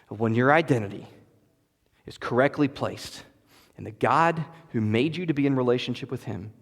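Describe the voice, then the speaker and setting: A male pastor preaching a sermon, rising to loud emphatic lines and dropping to hushed, quiet passages. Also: sits high. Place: church sanctuary. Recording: long hall reverb of a church.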